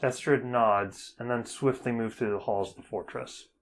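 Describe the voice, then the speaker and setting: A man's voice: medium pitch, normal speed, low-quality recording. Laid-back male game master. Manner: relaxed, with many fillers. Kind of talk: narrating a tabletop game.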